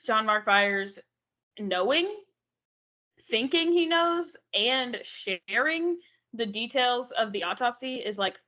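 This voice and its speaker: A woman's voice: on the high side, lively intonation, slow, pushed and bright, dull audio. A woman co-hosting a casual true-crime podcast, mostly giving short agreement and musing loosely. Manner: brief backchannel agreement, then loose musing. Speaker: podcast co-host.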